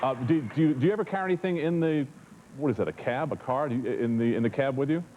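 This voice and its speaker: A man's voice: medium pitch, fast talker, narrow, tinny audio, a little hiss or hum. Stammering, jokey male TV co-host. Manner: stammering, jokey, repeats words. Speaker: talk show co-host. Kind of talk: jokey TV talk chat.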